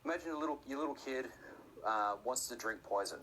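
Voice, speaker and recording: Man, sermon, chatty and animated, mid-pitched voice, faint hiss behind. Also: a little fast, low-quality recording. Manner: conversational, acts out voices with sudden high-pitched outbursts. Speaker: preacher.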